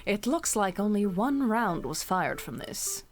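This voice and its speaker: A woman voicing a composed, formal male prosecutor from a game in a measured reading. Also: medium pitch, sing-song, over music. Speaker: game streamer reading lines.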